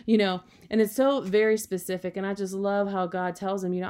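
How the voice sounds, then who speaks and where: A woman delivers a sermon in a mid-pitched voice. She speaks earnestly and encouragingly, slipping in "you know" often as she builds her points. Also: steady tone, brisk, few pauses, a little mellow, smooth. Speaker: preacher.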